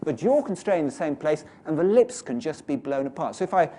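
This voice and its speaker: A man's voice: on the high side, sing-song, brisk, mellow. A man, teaching pronunciation and demonstrating sounds aloud as he explains.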